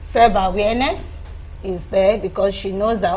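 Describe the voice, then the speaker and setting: A middle-aged woman on a talk show, explaining parenting in a lively way and acting out children's and parents' voices. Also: medium pitch, moderate pace, slight background noise, rough recording. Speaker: guest parenting expert. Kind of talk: studio talk show discussion.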